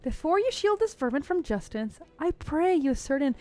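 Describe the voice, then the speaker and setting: A woman's voice: high-pitched, very animated, normal speed, dark tone, faint music behind. A woman voicing a cruel male enforcer of an inquisition who speaks in a formal, pious, menacing way. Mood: stern.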